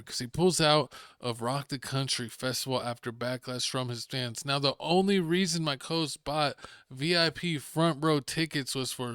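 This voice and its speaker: Man, podcast co-host, dry teasing humor, smooth clear voice, close dry mic. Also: medium pitch, fairly bright tone, no echo. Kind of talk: casual chat. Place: Texas.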